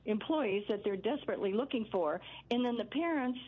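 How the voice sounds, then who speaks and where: A woman's voice: on the high side, lively intonation, brisk, slightly rough. An older woman calling in to a radio show, talking in a rambling way with many restarts. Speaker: caller. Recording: dull lo-fi phone line.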